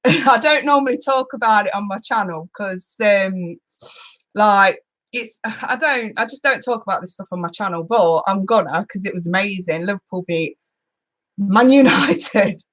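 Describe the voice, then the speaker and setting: A woman's voice: medium pitch, expressive, a little slow, a bit bright. Giggly, chatty woman. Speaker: tarot channel host. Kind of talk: casual live-stream chat with viewers.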